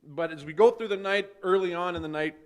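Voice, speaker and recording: A man speaking as pastor at a memorial service, telling stories of a friend with light laughter, then leading a hushed prayer. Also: high voice, brisk. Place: funeral service hall.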